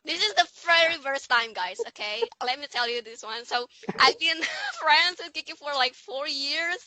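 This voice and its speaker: Bright, teasing woman on a dry mic. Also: high voice, big pitch swings, moderate pace, dry recording. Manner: teasing and playful. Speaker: podcast co-host. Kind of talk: casual chat.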